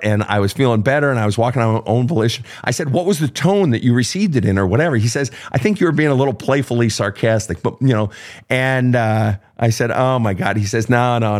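A man in his fifties hosting a call-in advice show, telling stories candidly, swearing freely and laughing at himself. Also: medium pitch. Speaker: podcast host answering listener questions. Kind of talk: casual storytelling and advice.

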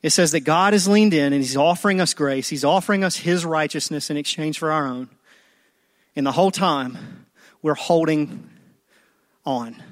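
A man preaching a sermon who swings from hushed asides to loud, pleading passages and acts out people's prayers. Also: on the high side, moderate pace, no echo, clean studio sound. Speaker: pastor.

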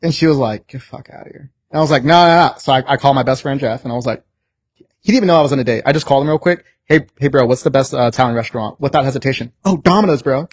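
Animated young man in casual chat. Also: mid-range voice, rapid-fire, dry recording. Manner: animated storyteller, swears freely, lots of "like". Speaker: podcast guest.

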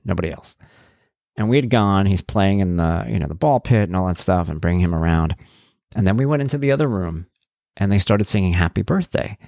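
A man's voice: low-pitched, vocal fry, darkish tone, dry recording, studio quality. A man, a parent blogger, talking in a rambling, conversational way with wry, blunt humor. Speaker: parent blogger talking about his son. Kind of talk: casual spoken monologue.

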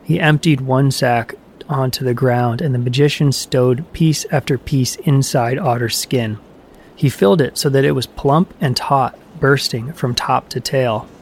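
Male storyteller, mid voice, calm measured myth reading, slight background hiss. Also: medium pitch. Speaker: narrator. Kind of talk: storybook narration of myths.

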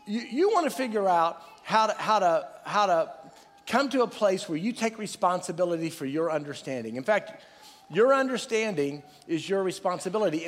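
Middle-aged male pastor, high-pitched, energetic preaching with call and response, heard in a reverberant church hall. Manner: energetic, calls for crowd responses, restarts phrases. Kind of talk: sermon.

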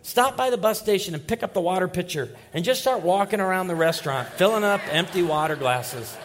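A man preaching to his congregation, his voice a little higher than most men's. He tells animated stories, acting out voices as he goes. His pitch swings and lifts with every punchline. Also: brisk. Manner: animated storytelling with acted-out voices. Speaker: pastor. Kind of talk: sermon.

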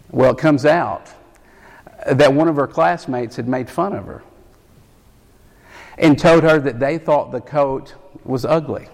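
Gravelly man preaching in a big hall. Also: medium pitch. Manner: animated, with rising emphatic peaks. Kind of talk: sermon. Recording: long hall reverb.

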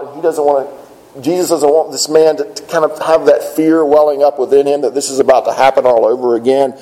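Male pastor mid-sermon, mellow tone, plainspoken and earnest, leans on "uh" fillers. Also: on the high side, rough recording. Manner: earnest, plainspoken with frequent "uh" fillers and repeated words.

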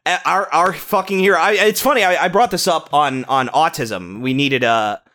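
A young podcast co-host excitedly fires off his opinions in a casual movie-review chat, swearing plenty along the way. His voice is a bit higher than most men's, and he often trips over his words and restarts as he rushes ahead.

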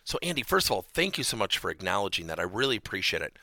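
Animated, bright-voiced male coach. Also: on the low side, racing, creaky, no echo, studio quality. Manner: animated teaching voice that repeats key points. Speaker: podcast host and workplace coach. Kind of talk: podcast coaching lesson.

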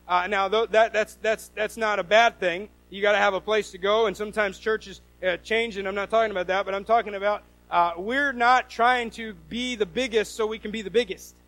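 A pastor preaching a sermon in a high voice for a man. He keeps it conversational, restarting phrases and asking the congregation rhetorical questions. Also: fairly even intonation, moderate pace, hardly any pauses, a bit bright, low-quality recording.

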